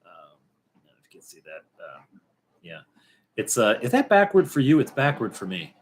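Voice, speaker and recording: A middle-aged man hosting a casual late-night livestream, rambling and halting with many fillers and restarts, dropping wry, joking asides. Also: medium pitch, wildly swooping pitch, slight background noise. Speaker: livestream host.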